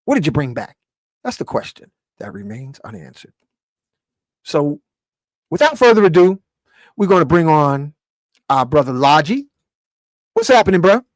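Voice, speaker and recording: A man hosts a video-call livestream, slangy and loose, shouting out names from the chat. His voice sits a little high for a man. The sound is close and dry. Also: sing-song, moderate pace, long pauses, no room sound. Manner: loose slangy banter, shout-outs to viewers. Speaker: livestream host.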